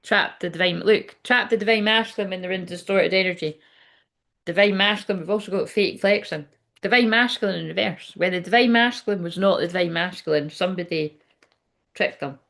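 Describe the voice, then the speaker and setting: A woman with a fairly low voice talks through a tarot reading in a loose, casual way. She swears freely, laughs often and breaks off mid-thought. Her manner is chatty and unpolished. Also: fairly quick, fairly bright tone. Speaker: tarot reader.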